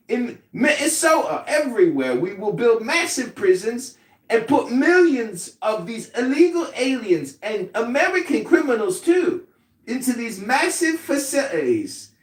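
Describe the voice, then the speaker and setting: A man's voice: extremely high pitch, roomy sound, distant mic. A man calling into an audio chat room, giving a mock-pompous, over-formal political rant that lectures the moderators.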